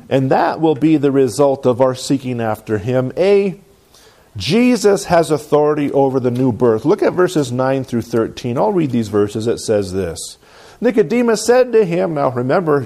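A man's voice: on the high side, lively intonation, moderate pace, vocal fry, warm tone. A man preaching a sermon as pastor, emphatic and conversational, often checking in with his listeners. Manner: emphatic preaching with frequent "right?" and "amen?"; acts out polite excuses in a lighter voice.

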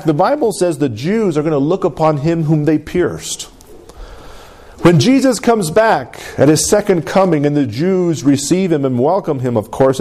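A man's voice: a little high, darkish tone. A man preaching a sermon in a conversational way, often checking in with his congregation. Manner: conversational, keeps asking the congregation "Amen?". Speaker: pastor.

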